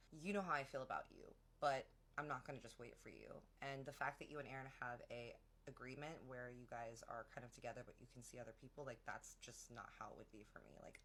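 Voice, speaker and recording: A young woman casually telling a long personal story, chatty and slangy, acting out what everyone said. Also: low voice. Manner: chatty, animated, acts out quotes of friends; slangy, many "like"s.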